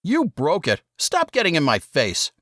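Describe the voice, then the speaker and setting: A man's voice: fairly high pitch, wildly swooping pitch, unhurried, no echo, studio quality, pitched above the performer's own voice, exaggerated voice. Man playing an angry young man, heated. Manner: heated, sharp retorts.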